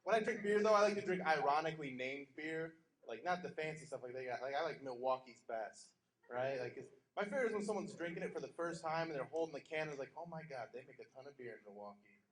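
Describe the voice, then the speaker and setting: A man's voice: a little high, fast, a crowd in the background. A man doing a stand-up set on a small theater stage, telling jokes drily and slipping into mock voices. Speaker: stand-up comic. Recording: echoey theater with noise.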